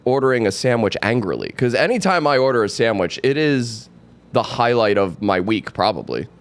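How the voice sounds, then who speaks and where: A man co-hosting a casual comedy podcast, excitable and rambling, poking fun at himself. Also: medium pitch, moderate pace. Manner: excitable, rambling, self-mocking. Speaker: podcast co-host.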